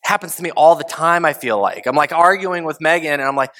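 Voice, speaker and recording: A man preaching a conversational sermon as pastor, asking rhetorical questions and swinging between loud emphasis and hushed, low asides. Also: fairly quick.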